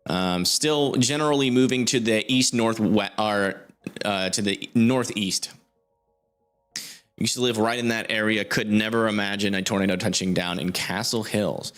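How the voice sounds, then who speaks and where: A man's voice: on the low side, unhurried, a bit bright, soft background music. A young man hosting a live weather stream, commenting informally on a storm on radar, thinking aloud with many fillers. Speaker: storm chaser livestream host.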